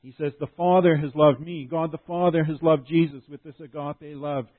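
A male pastor delivers an earnest, explanatory sermon, his voice sitting a little high for a man. The sound is narrow and tinny, like a phone line, and very dry with no room around it. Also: steady tone, normal speed, dry recording. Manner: earnest, explanatory preaching with frequent restarts.

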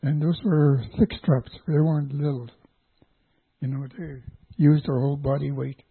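Older man, husky voice, halting personal testimony, pauses and restarts, tinny phone-like sound. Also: a little high, level tone, no echo. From Canada, Vancouver Island. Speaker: church guest giving testimony. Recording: tinny phone-like dry recording.

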